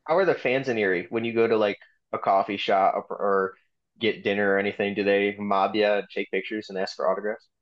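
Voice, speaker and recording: A man hosting a casual interview, asking upbeat, quick questions. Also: fairly low pitch, steady tone, muffled recording.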